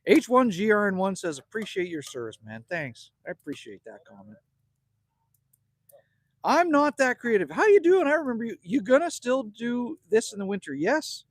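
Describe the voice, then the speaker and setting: A man's voice: sits high, sing-song, moderate pace, no room sound. A middle-aged Canadian man hosting a casual outdoor livestream, joking and greeting viewers by name as he reads their comments. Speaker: livestream host. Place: outdoors at a cabin.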